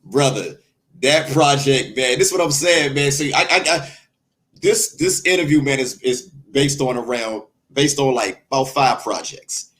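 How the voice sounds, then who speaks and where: A man hosting a podcast interview, talking excitedly, repeating words and calling his guest bro and man. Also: medium pitch, moderate pace. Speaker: podcast host. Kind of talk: casual interview.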